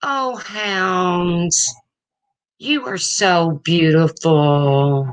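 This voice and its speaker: A slow, drawn-out, sugary gushing voice, pitched well above her usual talk and oozing with mock adoration, as an older woman puts it on to tease. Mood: mock-sweet. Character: gushing, syrupy version of herself.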